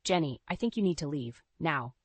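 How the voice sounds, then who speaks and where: A woman's voice: sits low, expressive, moderate pace, breathy edge, no echo. A woman voicing a stern, impatient husband who speaks in a curt, dismissive way.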